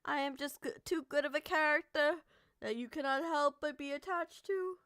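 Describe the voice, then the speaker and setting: A woman's voice: sits high, normal speed, fairly bright tone, dry recording, clean studio sound, pitched above the performer's own voice. A woman putting on a smug, haughty male prosecutor with a put-on British accent, speaking in a pompous, self-satisfied way.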